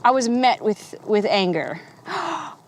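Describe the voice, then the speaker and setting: A woman's voice: fairly high pitch, very animated, takes it slowly. A young woman vlogging straight to camera, talking candidly and rambling, swearing freely and laughing often. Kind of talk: candid casual talk to camera.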